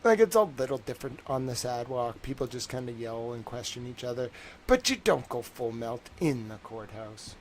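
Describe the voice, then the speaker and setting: A man with a Boston accent hosts a casual livestream about a court case. He talks in an animated, slangy way and circles back to the same joke again and again. His voice sits at an ordinary middle pitch. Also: moderate pace, slight background noise. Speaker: livestream host. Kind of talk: casual trial commentary.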